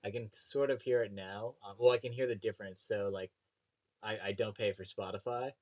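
Man, low voice, casual podcast chat, animated, repeats words. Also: brisk. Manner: animated, laughs often, stumbles and repeats words. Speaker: podcast co-host.

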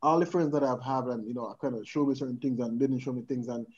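A podcast guest with a mid-range male voice talks quickly in an animated, casual chat, slipping into patois. He keeps checking in with the listener, often asking "you understand?" The recording sounds dull and lo-fi.

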